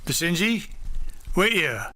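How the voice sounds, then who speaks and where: A man voicing a gruff army corporal who mumbles and garbles his words, pitched lower than his narration. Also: very animated, slow pace, pushed and bright, full character voice.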